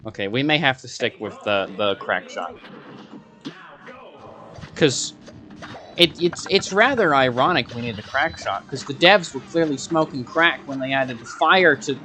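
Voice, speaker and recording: A man's voice: medium pitch, expressive, unhurried, sharp tone, faint music behind. A man giving gameplay commentary, muttering sarcastic asides to himself and breaking into frustrated outbursts. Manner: sarcastic, rambling self-talk while playing. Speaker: gaming video creator.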